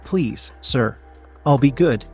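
A man's voice: mid-range voice, lively intonation, slow, darkish tone, soft background music. A man voicing a teasing young woman in a read-aloud story, gasping and pleading with mock innocence.

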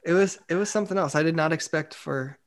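Animated storytelling man, higher voice. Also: fast. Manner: animated, acts out quotes, frequent "like" fillers. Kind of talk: casual storytelling chat.

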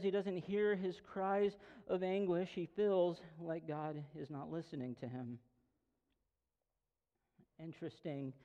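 High-voiced pastor preaching in a reverberant hall. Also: male voice, warm tone. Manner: earnest preaching, reads scripture aloud with feeling. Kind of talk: sermon. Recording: dull lo-fi sound with long hall reverb.

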